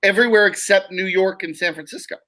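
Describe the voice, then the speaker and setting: A man's voice: sits high, fast talker, bright, forceful tone. A man co-hosting a sports podcast, arguing his points emphatically in casual chat. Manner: argumentative, emphatic. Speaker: podcast co-host.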